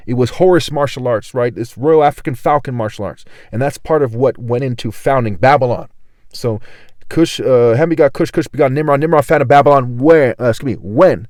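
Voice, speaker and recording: A man's voice: mid-range voice, a little fast, darkish tone, no room sound, studio quality. A man reading scripture aloud and rambling through his own commentary, often tagging his sentences with "right?" and repeating words. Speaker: self-styled religious teacher.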